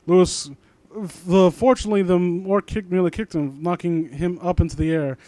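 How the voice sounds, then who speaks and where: Rambling high-voiced young man reading aloud. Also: fairly even intonation, normal speed, warm tone. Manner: rambling, sarcastic asides, trails off. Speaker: commentator reading and mocking fan fiction. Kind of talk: casual reading and commentary.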